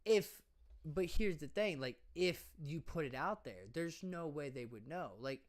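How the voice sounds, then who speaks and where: A man's voice: a little high, animated, measured pace. A young man co-hosting a casual podcast, tipsy, rambling with lots of fillers, restarts and swearing. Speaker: podcast co-host. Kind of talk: casual drunk chat.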